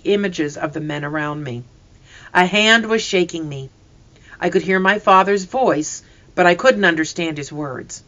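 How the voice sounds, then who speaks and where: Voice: medium pitch, muffled recording. A storybook narrator reading aloud expressively, acting out the characters' lines as well. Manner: expressive, reads characters' voices.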